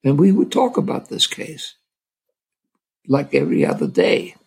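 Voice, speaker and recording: Gravelly older man telling a story. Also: medium pitch, wildly swooping pitch, low-quality recording. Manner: halting, full of restarts and fillers. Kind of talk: casual storytelling.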